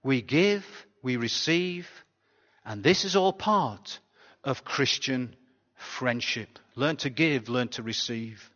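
A pastor giving a sermon in a chatty, conversational way, often asking the congregation rhetorical questions. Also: male voice, medium pitch, takes it slowly, fairly bright tone. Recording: dull sound with long hall reverb.

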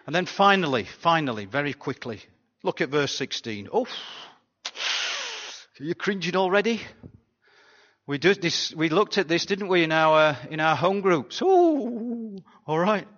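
A pastor giving a sermon in a chatty, conversational way, often asking the congregation rhetorical questions. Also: male voice, on the high side, expressive, measured pace, fairly bright tone. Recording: dull sound with long hall reverb.

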